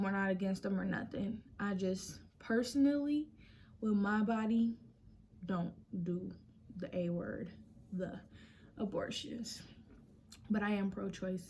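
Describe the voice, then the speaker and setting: A woman's voice: mid-range voice, unhurried, a little mellow, a little hiss or hum. A young woman vlogger chatting casually, retelling a personal story and acting out quotes.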